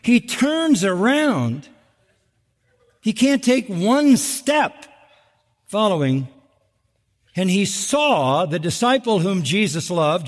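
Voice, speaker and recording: A man preaching from the pulpit, his fairly high voice swinging widely as he acts out scripture. He is emphatic and wry, with long reverb from a large hall trailing his words. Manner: animated, emphatic, dramatizing scripture with wry humor. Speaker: pastor. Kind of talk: sermon.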